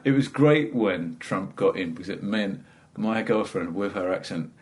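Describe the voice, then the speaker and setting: A man's voice: fairly low pitch, expressive. A man with a middle-class English accent tinged with South East London, a stand-up comedian chatting and rambling on a podcast. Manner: rambling, self-deprecating, halting restarts. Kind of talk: casual podcast chat.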